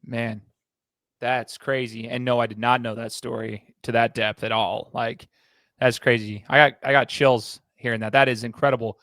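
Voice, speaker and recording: A man hosts an interview podcast and reacts to his guest in a loose, casual way. His pitch stays fairly flat, and the recording sounds dry and close. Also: normal speed, no echo. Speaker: podcast host.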